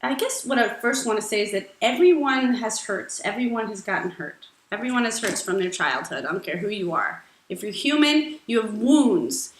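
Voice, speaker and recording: A woman's voice: mid-range voice, fairly bright tone. A woman hosting an advice vlog, answering viewer questions in a playful, blunt, irreverent way. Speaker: host. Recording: echoey room with faint music.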